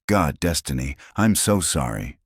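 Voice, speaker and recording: A man voicing a shaken young father who pleads hoarsely to help his daughter, in a story narration. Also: very deep voice, very animated, measured pace, dry recording, clean studio sound, exaggerated voice. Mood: pleading.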